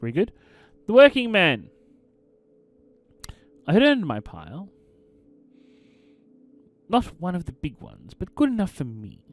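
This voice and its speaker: Lively, playful game commentator man. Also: high voice, a little slow, pauses often. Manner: playful, theatrical, reads game text in a storytelling tone. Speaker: gaming channel host. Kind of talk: let's play commentary and reading game text aloud.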